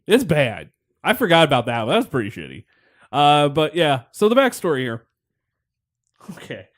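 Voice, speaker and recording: A man's voice: on the high side, huge pitch swings, normal speed. Wry, rambling man recapping wrestling. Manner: rambling, wry, swears and laughs often. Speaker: podcast host. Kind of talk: casual wrestling recap chat.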